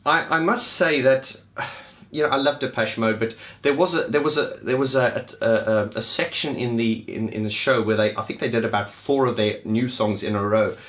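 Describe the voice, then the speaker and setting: A man's voice: medium pitch, moderate pace, fairly bright tone. A man giving a casual, enthusiastic spoken review of concerts, rambling and restarting as he goes. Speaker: music vlogger reviewing gigs.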